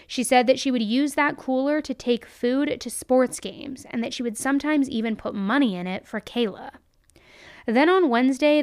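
A woman's voice: fairly high pitch, smooth, no echo. A woman hosting a true crime show, giving blunt and emphatic commentary into a close mic.

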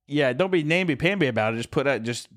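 A man's voice: medium pitch, animated, fast talker, fairly bright tone, dry recording, studio quality. A man co-hosting a casual podcast who is drunk, telling crude stories in a rambling way. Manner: crude, rambling storyteller who acts out characters. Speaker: podcast co-host. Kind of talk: casual chat.

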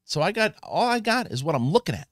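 A man hosting an online show, giving a casual spoken review of a TV episode, animated and full of restarts. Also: high voice, no room sound, clean studio sound. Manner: animated, restarts often, acts out characters in quick asides.

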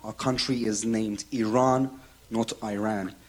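A male journalist presses with pointed, challenging questions at a press conference. His voice is somewhat low. The clip is played over the radio. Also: fairly even intonation, unhurried.

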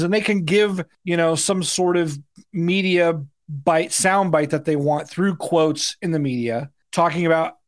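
A man around forty co-hosting a sports podcast, talking loosely with lots of fillers and "like"s. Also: on the high side. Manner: loose and chatty, many fillers and "like"s. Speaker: podcast co-host. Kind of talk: casual sports podcast chat.

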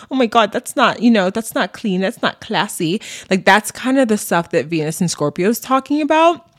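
A woman's voice: low-pitched, dry recording, clean studio sound. A woman hosting an astrology podcast, talking casually and playfully with lots of fillers. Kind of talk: casual solo podcast talk.

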